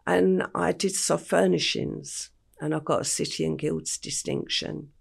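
An older woman from England tells her story in a deeply gravelly, husky voice. She speaks slowly and plainly, laying out events one after another as an interview guest. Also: fairly even intonation. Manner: slow, matter-of-fact storytelling. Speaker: podcast guest.

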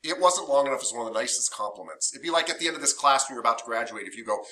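Bright-voiced animated male lecturer. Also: fast talker, few pauses. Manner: animated, emotional, chatty with many fillers; acts out quoted clients in higher voices. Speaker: massage therapy instructor. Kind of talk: classroom lecture.

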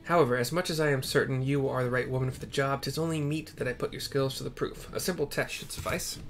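A man's voice: mid-range voice, steady tone, fast talker, natural voice. A man reading as a pompous bounty hunter. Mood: smug. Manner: grandiose, old-fashioned formal phrasing. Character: pompous male bounty hunter, boastful and wordy. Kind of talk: reading game dialogue aloud.

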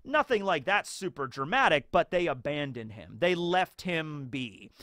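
Animated high-voiced male commentator. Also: measured pace, no room sound, clean studio sound. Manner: animated, rambling, laughs often. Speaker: anime theory YouTuber. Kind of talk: casual commentary.

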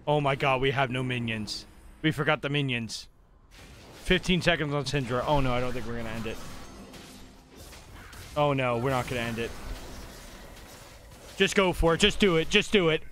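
A young man streaming a video game, commenting live as he plays and swinging between muttering to himself and shouting with excitement. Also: fairly high pitch, normal speed, pauses often, slight background noise. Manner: excitable, swings from mumbling to yelling. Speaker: gaming streamer.

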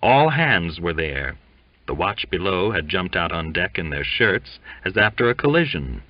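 Low-voiced man reading a classic novel. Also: sing-song, dry recording. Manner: measured, deliberate. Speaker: audiobook reader. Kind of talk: scripted narration of a classic novel. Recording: dull lo-fi dry recording.

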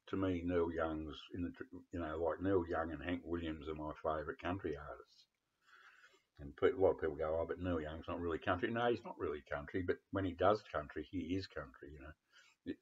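Australian bloke mumbling on about records, deep raspy voice, swears a lot, muffled lo-fi audio. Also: male voice. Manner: rambling, blunt, sweary, trailing off into mutters. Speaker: vlogger. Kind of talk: casual chat about records.

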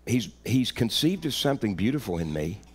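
A middle-aged man preaching a sermon, telling a story and repeating phrases for emphasis, dropping low and quiet then rising loud and emphatic. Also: sing-song, brisk, husky. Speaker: pastor.

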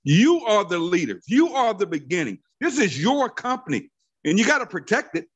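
A man in his fifties gives a rousing motivational talk to his sales team. His voice sits high and swings widely up and down. He speaks with fervent, preachy conviction and hammers his points through repetition. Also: big pitch swings, moderate pace, husky, highs cut off. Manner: fervent, preachy, repeats phrases for emphasis. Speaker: network marketing team leader. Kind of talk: motivational training call talk.

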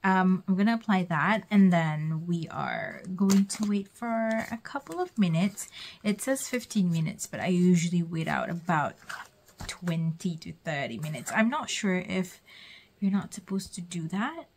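A woman's voice: on the low side, expressive, a little slow, slight background noise. A young woman vlogging her night routine in a chatty way, often dropping to a whisper. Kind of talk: casual vlog narration.

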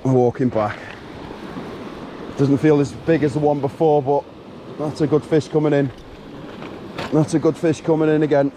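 A man talking to himself and the fish as he shore fishes, in an excited running commentary, recorded outdoors on a beach on an action camera. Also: fairly high pitch, normal speed, long pauses. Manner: exclaiming, talks to himself and the fish. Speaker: fishing vlogger. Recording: wind and surf noise outdoors.

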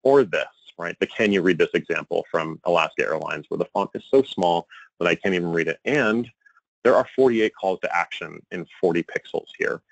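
A man giving a conference presentation, animated and exasperated, with a joking edge. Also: deep voice, fairly quick, gravelly, no echo, lo-fi sound. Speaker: conference speaker on email marketing.

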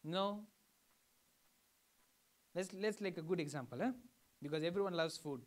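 At a normal speed and in a high voice, a man from Fiji preaches to a congregation as their pastor. The sermon has a conversational teaching style, punctuated by frequent check-in questions.

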